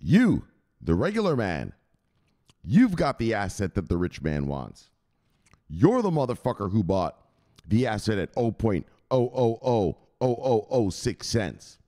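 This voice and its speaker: Man, crypto host, profane rant, lively swinging delivery, low voice. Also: measured pace. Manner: coarse, swearing, keeps asking "right?".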